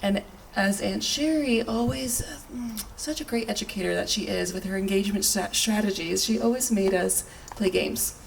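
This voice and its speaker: A woman giving a short, playful toast to friends, with quick asides. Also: medium pitch, gravelly, noisy background. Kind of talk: brief humorous toast. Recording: distant mic with faint ambience.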